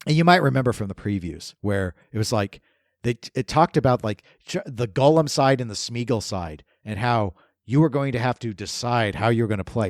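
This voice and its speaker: A man's voice: mid-range voice, moderate pace, dry recording, clean studio sound. A man co-hosting a gaming podcast, rambling in casual chat and chuckling as he talks. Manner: animated, rambling, chuckles while talking. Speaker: podcast co-host. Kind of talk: casual chat about video games.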